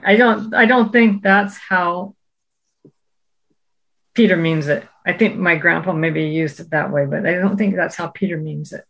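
Woman with a gravelly voice reading scripture. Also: on the low side, measured pace, rough recording. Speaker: Bible study participant. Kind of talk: group discussion with scripture reading.

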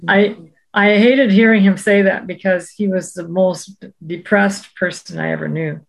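A woman's voice: lowish voice, steady tone, measured pace, gravelly, rough recording. A woman in a Bible study discussion, talking earnestly and reading scripture aloud with emphasis.

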